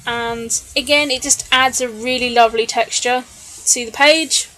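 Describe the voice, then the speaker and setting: A woman narrating a scrapbooking video in voice-over, chatty and relaxed, with frequent ums and small laughs, a little tired late at night. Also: fairly high pitch, measured pace. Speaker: scrapbooking vlogger. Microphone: voice-over recorded separately from the video.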